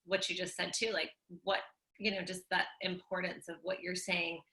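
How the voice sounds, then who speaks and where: A woman's voice: lowish voice, flat delivery, moderate pace, bright, forceful tone. A woman co-hosting a casual conversation, talking reflectively in loose sentences full of fillers. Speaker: co-host.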